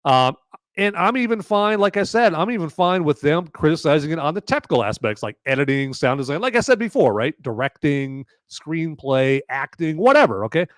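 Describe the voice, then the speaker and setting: In a dry, studio-quality recording, a high-voiced man speaks a little fast and very animatedly. He's running a live-stream podcast and reviewing a film, chatting casually and wandering off track, often repeating himself and tacking on "okay?" as he thanks viewers by name for donations.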